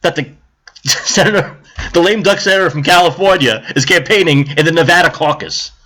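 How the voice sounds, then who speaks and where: A man's voice: on the high side, a little fast, bright, forceful tone. A man hosting a live stream, delivering a sarcastic political rant, mocking others and swearing.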